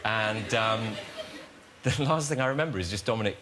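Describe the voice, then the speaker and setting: A man's voice: on the low side, animated, normal speed. A man, a chat show guest telling an amused story about a film shoot. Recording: noisy studio recording.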